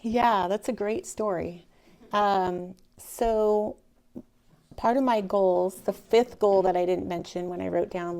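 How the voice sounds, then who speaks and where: A woman telling an emotional personal story to a live audience, animated and swinging from loud to near-whisper. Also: on the low side, gravelly. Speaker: speaker telling her real estate story.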